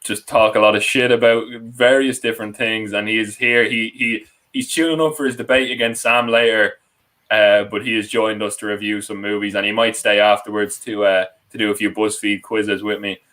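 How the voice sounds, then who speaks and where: A man's voice: fairly low pitch, little pitch movement, moderate pace, bright, forceful tone, poor audio. A young man hosting a podcast live stream, rambling and correcting himself as he introduces guests. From Ireland. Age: young adult. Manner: rambling, self-correcting, laughing often. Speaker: podcast host. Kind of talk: casual live stream chat.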